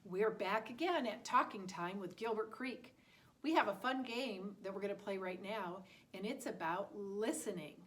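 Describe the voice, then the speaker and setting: A woman's voice: mid-range voice, normal speed, a bit bright. A woman teaching a listening lesson to preschool children, talking in an exaggerated, sing-song way.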